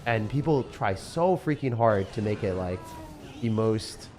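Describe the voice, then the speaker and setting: Excitable man streaming a game, lowish voice. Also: measured pace, faint music behind. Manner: excitable, laughs often, chatty with chat. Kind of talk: live-stream gameplay chat.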